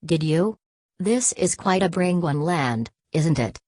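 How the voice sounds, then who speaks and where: A woman's voice: on the low side, expressive, slow pace, a little mellow, dry recording, studio quality. A woman reading the part of a languid society woman who speaks in a mild sing-song.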